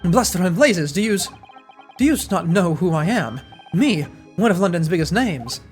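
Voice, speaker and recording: A streamer voicing a boastful, wealthy Irish moneylender man in a put-on Irish accent, rough and swaggering. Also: medium pitch, very animated, normal speed, soft background music, natural voice.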